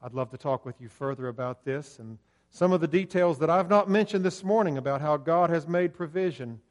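Man, pastor, earnest sermon, plain conversational delivery, some false starts. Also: mid-range voice. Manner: earnest, conversational preaching with hesitant restarts.

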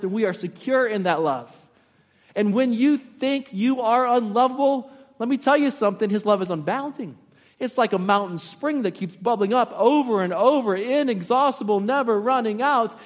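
A man with a notably high voice delivers an impassioned sermon. He keeps turning to his congregation with rhetorical questions. His words ring out with the long reverb of a large church hall. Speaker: pastor.

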